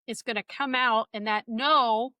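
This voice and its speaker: A woman's voice: a little high, steady tone, a little slow, dry recording, dull audio. A woman podcast host making reflective, faith-based comments to her guest. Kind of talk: supportive interview talk.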